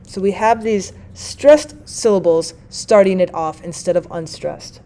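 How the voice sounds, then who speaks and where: A fairly low, mellow female voice carries this explanatory lecture. The teacher proceeds methodically and reads each example slowly.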